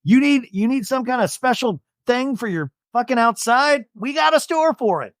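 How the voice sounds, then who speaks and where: A man hosting a comedic podcast and recapping a reality show, animated and swearing, acting out the cast's lines. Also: very high voice, moderate pace, no echo, clean studio sound. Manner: animated, swears, acts out quotes. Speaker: podcast host.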